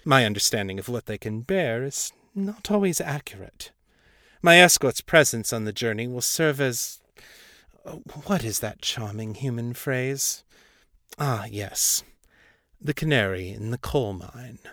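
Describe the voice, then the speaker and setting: A man voicing a cold, patronizing ancient devil prince with a low, unrelenting voice. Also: lively intonation, unhurried, sharp tone, no echo, clean studio sound. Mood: airy.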